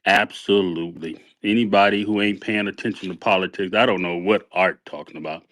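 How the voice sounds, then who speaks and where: A man's voice: low voice, fairly even intonation, fairly quick, a bit bright. A man speaking up as a caller in a live audio room, making an emphatic political point. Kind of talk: casual political talk.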